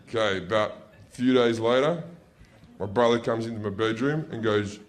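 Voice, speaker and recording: A man with an Australian accent telling profane stand-up stories on stage, often breaking into loud yelled impressions of family members. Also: fairly low pitch, normal speed, slight background noise. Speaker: stand-up comedian. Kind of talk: stand-up storytelling. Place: stage before a laughing audience.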